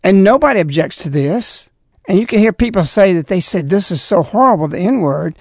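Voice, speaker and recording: A man's voice: sits high, lively intonation, normal speed, no room sound, studio quality. Indignant moralizing man on talk radio. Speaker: radio show guest. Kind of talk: opinionated talk radio conversation.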